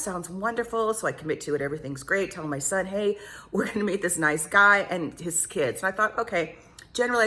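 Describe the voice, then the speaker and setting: Vlogger type: middle-aged woman with a crisp, bright tone, animated storyteller, pokes fun at herself. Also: rumbling low. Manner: animated, self-mocking, laughs often. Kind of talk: casual storytelling.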